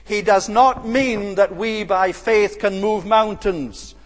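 High-voiced preacher in a reverberant hall. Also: male voice, steady tone, slow. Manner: expository Bible teaching with emphatic rises. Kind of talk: sermon.

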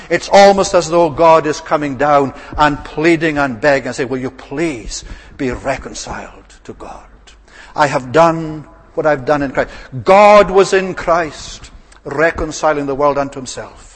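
A man preaching a sermon with earnest emphasis, slowing down when he pleads. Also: a little high. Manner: earnest, rising and falling emphasis, slows to plead. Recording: long reverb of a large hall.

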